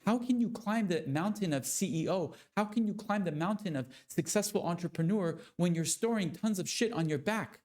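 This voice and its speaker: A man giving a motivational talk to other men, speaking with slow, deliberate, preacher-like emphasis. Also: sits high, a little mellow. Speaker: motivational coach.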